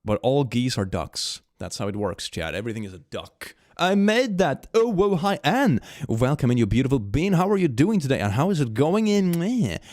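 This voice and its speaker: Animated young man chatting on stream. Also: medium pitch, normal speed, hardly any pauses, no room sound, studio quality. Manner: animated, giggly, swings from hushed to excited. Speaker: streamer reading fan memes. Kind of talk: casual livestream chat.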